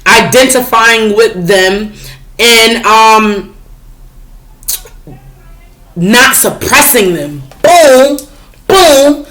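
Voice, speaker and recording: Her voice sits fairly high with a fairly bright tone. A tarot reader, she talks informally about spiritual topics to her viewers, chatty and straightforward, swearing liberally and frequently making sure they follow with "you know what I'm saying?"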